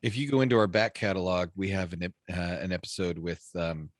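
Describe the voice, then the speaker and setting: A man co-hosting a podcast, telling a story in a lively, animated way. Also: deep voice, a little fast, dry recording. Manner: animated storyteller, acts out quotes. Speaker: podcast co-host.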